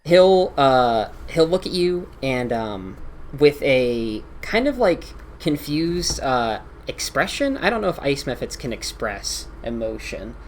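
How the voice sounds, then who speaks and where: Low-voiced woman game master. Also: sing-song, takes it slowly, slight background noise. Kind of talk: narrating a tabletop game.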